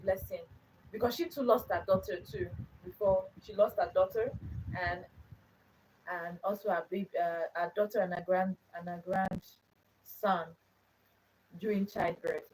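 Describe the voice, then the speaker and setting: A woman's voice: medium pitch, fairly even intonation, a little slow, recorded from a distance, noisy background. A young adult woman hosting her own channel, telling a personal story in an earnest way, repeating phrases for emphasis. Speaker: channel host.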